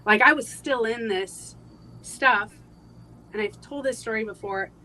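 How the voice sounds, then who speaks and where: A woman guest in a live interview, telling a personal story in a halting way, with many fillers and restarts, going soft on painful moments. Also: a little high, a little hiss or hum, rough recording.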